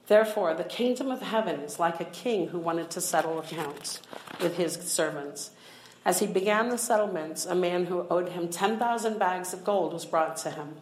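A woman's voice: fairly low pitch, echoey room, rough recording. A woman preaching a sermon, reading scripture aloud in an earnest, emphatic way.

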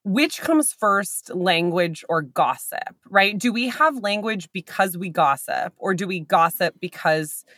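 A woman's voice: fairly low pitch, animated, measured pace, few pauses, fairly bright tone, dry recording, clean studio sound. A woman co-hosting a casual scholarly discussion, asking probing questions in a playful, inquisitive way and laughing often. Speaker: podcast co-host.

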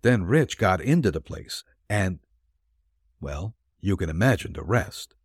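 A man's voice: deep voice, lively intonation, a little slow, breathy edge, dry recording, clean studio sound, exaggerated voice. A man voicing a sullen, grudging male crook in a detective story reading.

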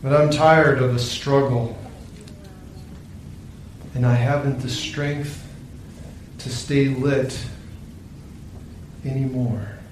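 A man's voice: medium pitch, steady tone, a little hiss or hum, lightly acted. A man voicing a weary candle of love. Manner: slow, weary, subdued. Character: tired talking candle of love. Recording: very echoey room, distant mic.

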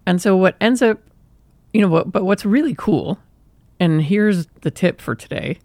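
A young man hosts a solo podcast in a chatty, self-deprecating way, now and then acting out his inner voice. His voice sits a bit high with a gravelly edge, and the recording is dry and close. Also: normal speed, darkish tone, dry recording. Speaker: podcast host. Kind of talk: casual solo podcast monologue.

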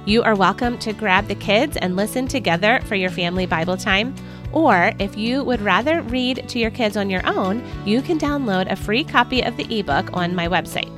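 Woman narrating a family devotional. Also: mid-range voice. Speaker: podcast host reading a devotional. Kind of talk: scripted storybook narration.

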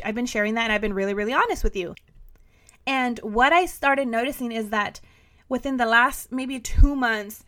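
A woman's voice: high voice, sharp tone. A young adult woman hosting a podcast, giving an emphatic motivational pep talk full of rhetorical questions. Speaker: podcast host.

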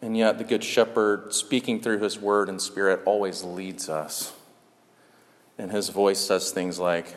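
A male pastor preaching a sermon, earnest and repetitive in his emphasis, dropping into soft hushed passages. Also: sits low, fairly even intonation, a little slow. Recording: long reverb of a large hall.

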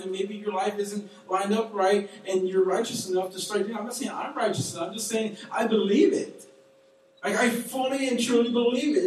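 A man's voice: high voice, a little hiss or hum. A young man preaching a casual, emphatic sermon and telling a story from his own life. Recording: very echoey room, voice from far off.

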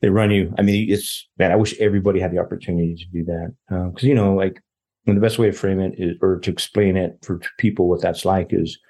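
A man's voice: sits low, steady tone, fast talker, dark tone, husky. A man, a guest telling a personal story in casual, rambling talk, often quoting other people. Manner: rambling, quotes others in dialogue. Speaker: interview guest.

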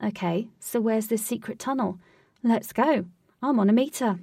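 A woman's voice: fairly high pitch, normal speed, gravelly, warm tone, breathy edge, no echo, studio quality, far from the mic. Woman doing a bold bossy young heroine. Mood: eager.

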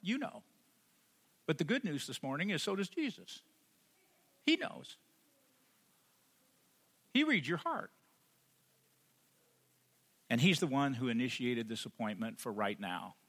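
A man preaching a sermon as pastor, rising to emphatic peaks and then dropping soft and intimate. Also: medium pitch. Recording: long hall reverb.

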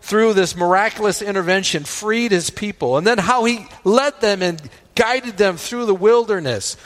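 A man's voice: sits high, moderate pace, fairly bright tone, long reverb tail. A man preaching a sermon as pastor. He often checks in with the congregation by asking "right?" and retells scripture at length.

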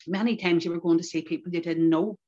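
Recorded in a dull, lo-fi podcast setting, this older woman from Northern Ireland speaks in a lowish voice at a quick pace. She's a community activist reflecting on her past in a relaxed interview, telling lively anecdotes peppered with local expressions.

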